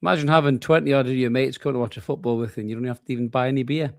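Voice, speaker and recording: A man's voice: mid-range voice, fairly even intonation, rapid-fire, no echo. Tired man, late-night football chat, laid-back swearing banter, dry close mic. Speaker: co-host of a football watchalong stream. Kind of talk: casual live match chat.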